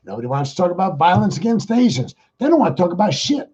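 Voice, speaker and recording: A man's voice: high voice, sing-song, darkish tone, husky, highs cut off. A man hosting his own podcast, talking in a rambling, exasperated political monologue. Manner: rambling, exasperated, talks fast. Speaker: podcast host.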